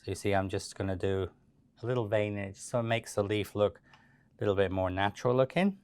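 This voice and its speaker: Man, deep voice, dry close sound, chatty tutorial, fillers and restarts. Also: fast, darkish tone, no room sound. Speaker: cake decorating instructor. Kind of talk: relaxed step-by-step tutorial narration.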